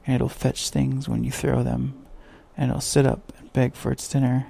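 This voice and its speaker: A man's voice: mid-range voice, monotone, normal speed, creaky, mellow, slightly rough. A man voicing Alice, a polite young girl.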